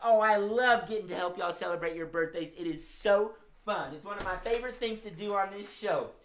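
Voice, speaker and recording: A woman's voice: medium pitch, brisk, a little hiss or hum. A woman who hosts a live-streamed children's music show, speaking in an upbeat way and addressing the kids directly.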